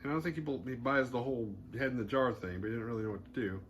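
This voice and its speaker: A man casually retelling a horror film plot in a loose, rambling way, slipping into quick voiced asides. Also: mid-range voice, a bit bright, slight background noise. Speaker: horror movie podcast host. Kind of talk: casual movie recap.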